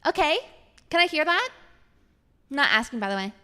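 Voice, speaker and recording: A woman's voice: high voice, very animated, fairly quick, bright, forceful tone. A woman streaming as an elf florist character, teasing her viewers playfully and repeating words as she talks. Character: elegant female elf florist. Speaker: VTuber streamer. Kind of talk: casual debut stream chat with singing.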